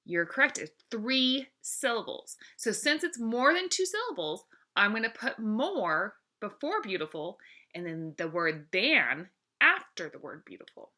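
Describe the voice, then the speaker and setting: A woman teaching a grammar lesson, speaking clearly and encouragingly and drawing out each example word. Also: medium pitch, big pitch swings, unhurried, bright, forceful tone.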